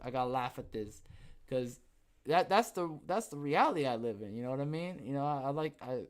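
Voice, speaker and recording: A man hosting a casual podcast, rambling and joking as he reads viewer comments, with sudden loud, animated bursts. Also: a little high, clear, resonant tone. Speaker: podcast host. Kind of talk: casual livestream chat reading viewer comments.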